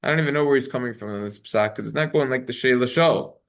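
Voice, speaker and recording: A man's voice: mid-range voice, fast. Man, rabbi, teaching a halacha lesson, singsong text reading, conversational, self-correcting. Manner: reads Hebrew text in a singsong chant, then translates. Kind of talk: Talmudic study lesson.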